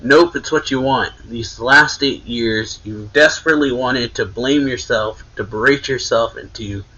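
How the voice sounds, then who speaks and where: A man's voice: medium pitch, a little slow, pushed and bright. A man voicing a taunting male demon tormentor in a mocking, gloating way, on dull lo-fi audio.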